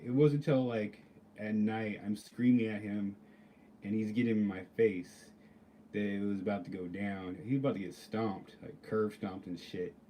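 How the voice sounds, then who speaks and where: Rambling, profane man with a low, dark voice. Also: fairly even intonation, normal speed, a little hiss or hum. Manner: rambling, profane, lots of "like" fillers. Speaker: vlogger. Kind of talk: casual storytelling rant.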